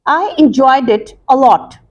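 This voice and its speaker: A woman reading the part of a boy student answering questions about his trip, in a plain, slow textbook reading. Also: high voice, lively intonation, highs cut off.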